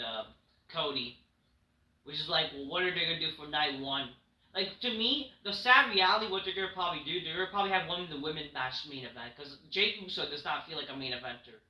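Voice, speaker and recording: A man's voice: a little high, a little fast, sharp tone. A man reviewing a wrestling show in a casual, profane rant, blunt and dismissive. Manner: blunt, dismissive, frequent swearing. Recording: roomy echo.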